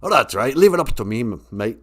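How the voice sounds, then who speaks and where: A man voicing a wry Creator spirit who answers prayers in a dry, mock-scolding way, in a higher voice than his own. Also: sing-song, fairly quick. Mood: teasing.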